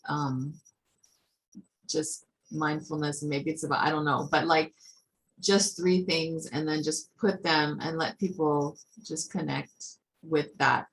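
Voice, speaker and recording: A woman on a video call, thinking aloud at an unhurried pace and searching for her words in a group conversation. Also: low voice, fairly even intonation, rough recording. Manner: thoughtful, musing, searching for words. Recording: faint background noise.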